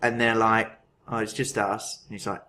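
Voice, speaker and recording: A man's voice: fairly low pitch, little pitch movement, moderate pace, pushed and bright, slight background noise. A man co-hosting a casual chat about a TV show, chatty and joking. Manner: chatty, laughs at his own jokes. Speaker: co-host.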